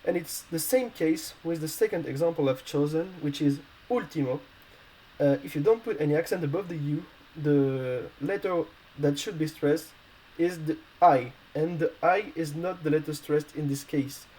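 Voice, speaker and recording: Hesitant, mellow-voiced male language teacher. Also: on the high side, normal speed, few pauses, husky, low-quality recording. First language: not English. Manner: hesitant, many fillers and restarts. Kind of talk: explaining a grammar lesson.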